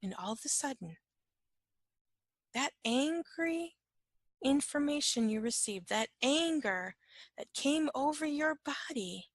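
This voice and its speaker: A woman's voice: high-pitched, expressive, slow pace, pauses often, no room sound. A woman giving an informal spoken lesson, talking conversationally, often asking "right?" and sometimes dropping to a whisper. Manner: conversational, keeps asking "right?", acts out little dialogues; drops to a soft whisper at times. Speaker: empath teacher.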